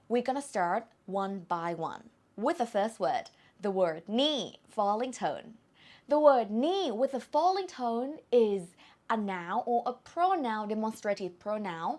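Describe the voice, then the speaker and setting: Giving an online language lesson, a Thai-accented woman talks in a fairly high voice with a darkish tone. She takes it slowly and deliberately, saying words again and again to model the tones.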